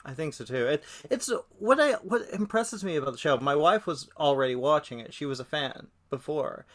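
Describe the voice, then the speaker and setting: A man's voice: a little high, animated, normal speed, a bit bright. A man interviewing an actress, enthusiastic and effusive, with stumbling restarts. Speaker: entertainment interviewer. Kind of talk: casual interview chat.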